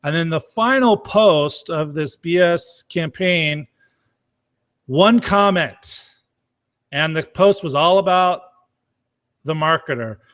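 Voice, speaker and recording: A man's voice: on the high side, slow, long pauses, fairly bright tone. A middle-aged man giving a blunt, casual Q&A talk as a marketing coach, swearing freely. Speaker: marketing coach answering questions.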